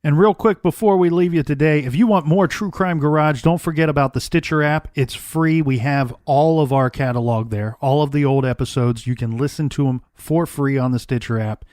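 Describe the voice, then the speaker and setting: A man co-hosting a true crime podcast, recounting the case in a measured, storytelling way. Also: fairly high pitch, a little mellow, no room sound, studio quality. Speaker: podcast co-host.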